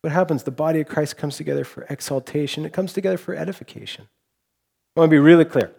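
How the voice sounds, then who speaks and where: A man preaching a sermon as pastor, earnest, rising to impassioned repeated phrases and dropping to quiet reflection. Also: a little high, fast, creaky, husky. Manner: drops to quiet, soft delivery for reflective points.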